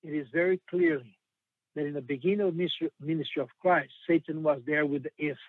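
A man delivers a sermon with earnest emphasis, his voice sitting a little high. The sound is thin and phone-like, very dry with no room echo. He slows down to stress the scripture he quotes. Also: fairly even intonation. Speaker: preacher.

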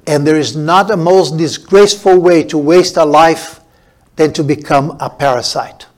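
A man delivers a sermon from the pulpit, his voice pitched a little higher than most men's. He preaches emphatically, repeating words and building each point up. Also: moderate pace. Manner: emphatic preaching with repetition and rhetorical build-ups. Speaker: pastor.

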